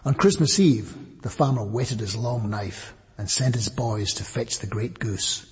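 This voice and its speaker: Husky-voiced man narrating a fable. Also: mid-range voice, darkish tone, long reverb tail. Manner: measured, storybook telling. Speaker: storyteller.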